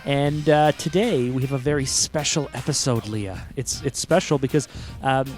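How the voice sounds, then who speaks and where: A man in his thirties hosting a casual podcast in a studio, rambling and joking with quick laughs. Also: medium pitch, darkish tone, soft background music. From Canada. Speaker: podcast host.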